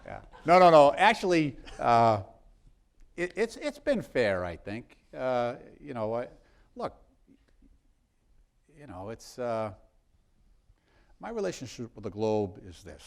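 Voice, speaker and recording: Man spinning a rambling yarn. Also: medium pitch. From South Boston. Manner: rambling anecdotes with many restarts. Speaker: congressman. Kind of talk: storytelling in a live interview.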